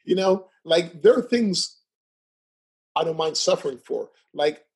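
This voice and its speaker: A man's voice: a little high, animated, measured pace, darkish tone, husky. A man telling stories as a guest in a casual chat, who laughs often, keeps asking "right?" and stutters at times. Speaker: podcast guest.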